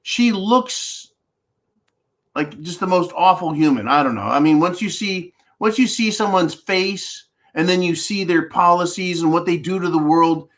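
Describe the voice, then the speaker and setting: A man with a voice pitched a little high for a man hosts a live-stream commentary on his preparedness channel. He rants in an animated, profane way, piling insult on insult. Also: unhurried.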